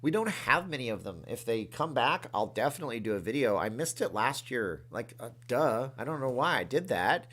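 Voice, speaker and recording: Guy chatting on a livestream from his room, reads chat, gets all excited thanking folks. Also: medium pitch, fairly quick, few pauses. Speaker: livestream host.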